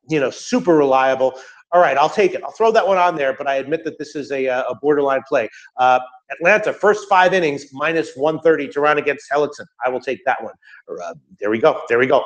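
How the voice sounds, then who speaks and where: Fast-talking male betting handicapper. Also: on the high side, low-quality recording. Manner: rambling, restarts and fillers, joking asides. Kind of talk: casual betting picks chat.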